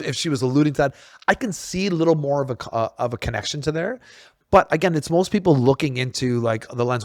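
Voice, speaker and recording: Brief: blunt, rapid-fire male co-host, dry close sound, restarts a lot. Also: mid-range voice, no room sound. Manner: blunt, swears, many restarts and repeated words. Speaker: podcast co-host. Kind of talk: casual opinionated chat.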